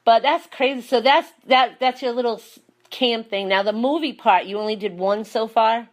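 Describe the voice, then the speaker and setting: A woman's voice: a little high, moderate pace. A woman hosting a casual chat, telling stories animatedly and laughing often. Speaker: host.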